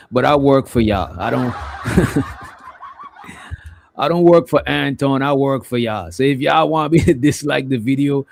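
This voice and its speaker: Gravelly-voiced man hosting a livestream. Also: medium pitch, darkish tone. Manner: loose, rambling, with frequent "you know what I'm saying". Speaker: livestream host. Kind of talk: casual livestream commentary.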